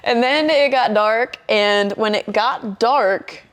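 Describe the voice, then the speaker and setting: Animated young woman telling a wild story. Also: a little high, slow pace. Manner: animated, acts out her own quotes, swears often. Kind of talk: casual podcast storytelling.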